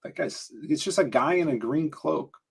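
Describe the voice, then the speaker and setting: A man co-hosting a casual talk stream, rambling as he flips through comics, his voice slightly hoarse. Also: on the high side, normal speed. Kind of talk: casual chat.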